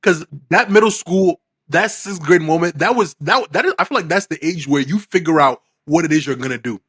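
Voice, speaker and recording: A young man co-hosting a casual podcast chat, laid-back and quick to laugh. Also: fairly high pitch, a bit bright, breathy edge. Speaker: podcast co-host.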